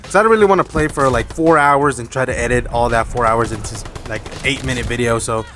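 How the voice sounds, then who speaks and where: A young man streaming a shooter game, commentating casually, cursing often and reacting loudly to kills and deaths. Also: mid-range voice, quick pace. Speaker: gaming streamer. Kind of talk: live gameplay commentary. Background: game music and gunfire.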